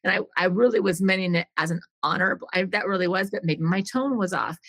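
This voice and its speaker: A woman's voice: on the low side, fast, fairly bright tone, no echo. A middle-aged woman tells a personal story in an earnest, rambling podcast conversation. She restarts her sentences often and slips into acting out what others said. Her voice is recorded close and dry, with no room sound.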